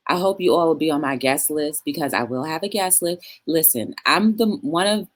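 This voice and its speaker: A woman hosting a live talk show, chatting casually and rambling, answering viewers and laughing often. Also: low-pitched. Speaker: talk show host reading live chat. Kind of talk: casual chat.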